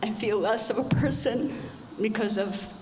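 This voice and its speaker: A woman's voice: mid-range voice, normal speed, darkish tone, slight background noise. An older woman giving an earnest personal testimony on a church panel, repeating phrases for emphasis. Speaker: panel guest. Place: church stage. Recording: echoey church hall with reverb.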